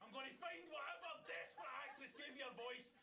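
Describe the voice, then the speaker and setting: An actor playing an exasperated Scottish man stuck in a voice-activated lift, loud and mocking. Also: extremely high pitch, fast, gravelly, heavy background noise. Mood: shouting.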